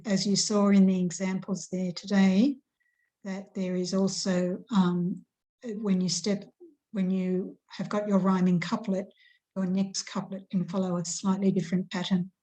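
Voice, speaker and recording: A woman teaches schoolchildren grammar online, her warm voice at medium pitch, patient and measured as she recites with slow, stressed syllables. The audio is rough.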